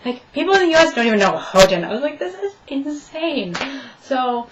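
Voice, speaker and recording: A woman's voice: a little high, big pitch swings, quick pace, dull audio, a little hiss or hum. A young woman telling a story in a casual vlog update, chatting and acting out both sides of her conversations. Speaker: vlogger.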